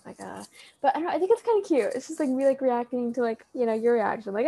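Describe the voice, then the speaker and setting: Rambling young woman, mellow voice. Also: high-pitched, lively intonation, fast. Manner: rambling, filler-heavy, heartfelt; standing while talking. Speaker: vlogger addressing a friend. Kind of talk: emotional casual monologue.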